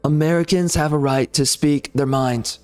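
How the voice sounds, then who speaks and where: A man's voice: a little high, fairly even intonation, normal speed, darkish tone, clear, resonant tone, faint music behind. A man ranting heatedly over gameplay, swearing and repeating himself as he argues. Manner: heated, profane, repetitive ranting. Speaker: gaming channel host.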